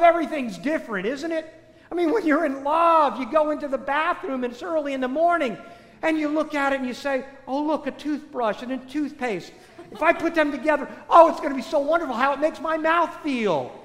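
A man preaching a storytelling sermon, animated, swinging between loud bursts and hushed, low passages. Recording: echoey hall with long reverb.

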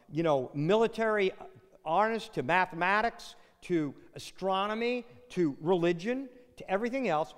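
A man delivers a sermon like a conversation, retelling a story and acting out the lines. His voice sits high and moves a lot in pitch. A long hall reverb trails every phrase. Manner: conversational storytelling with acted quotes and asides. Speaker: preacher.

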